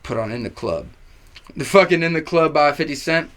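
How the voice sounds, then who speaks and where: Animated young man telling stories. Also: on the high side, a little fast. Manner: animated storytelling, swearing, acting out quotes. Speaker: guest. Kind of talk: casual chat.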